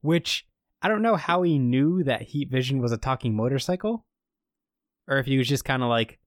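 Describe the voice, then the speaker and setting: Full of fillers, a man co-hosting a podcast loosely recaps an episode in a rambling storytelling style. He's expressive and medium-pitched at a moderate pace, in clean studio sound with no echo.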